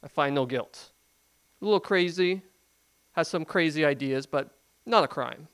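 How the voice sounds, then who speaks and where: Preacher putting on a sarcastic Roman governor, offhand and fairly high-voiced, plain read. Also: male voice, normal speed, fairly bright tone, smooth, close to an everyday voice. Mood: mocking. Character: mocking weary Roman governor, adult man.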